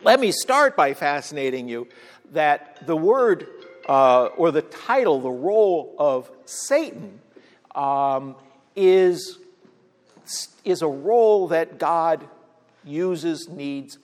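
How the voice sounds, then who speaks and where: Slow-talking pastor in an echoing hall. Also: male voice, fairly high pitch, big pitch swings. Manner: storytelling, conversational, frequent "all right?" check-ins. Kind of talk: sermon. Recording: long hall reverb.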